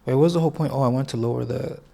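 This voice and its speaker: Male host, congested, gravelly edge, casual tutorial read, hesitant and self-correcting as he thinks aloud. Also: mid-range voice, very fast, mellow. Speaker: fantasy sports tutorial host. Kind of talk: casual screen-share tutorial.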